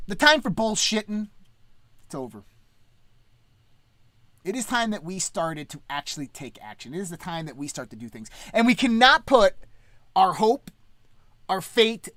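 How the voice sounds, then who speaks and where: A woman's voice: medium pitch, very animated, measured pace, long pauses, fairly bright tone, no room sound. A woman hosting a podcast, ranting in an impassioned, preachy way and swearing freely. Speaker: podcast host. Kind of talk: impassioned casual rant.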